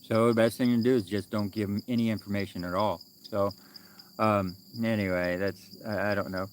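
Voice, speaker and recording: A man's voice: fairly low pitch, level tone, normal speed, a little hiss or hum. Rambling man on an outdoor night stream. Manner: rambling, loose, full of fillers and restarts. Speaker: livestream vlogger. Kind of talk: casual livestream chat.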